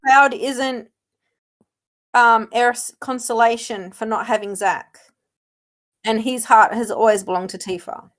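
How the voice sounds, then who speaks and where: Give me a woman arguing her point in a casual debate, emphatic and fairly high. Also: fairly even intonation, measured pace, pauses often, a bit bright.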